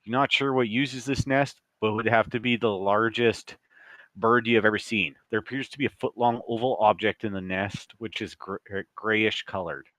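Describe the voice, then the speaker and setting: A man's voice: lowish voice, normal speed, a bit bright, dry recording. A man running a tabletop game as game master, narrating scenes in a casual, loose way with the odd swear word.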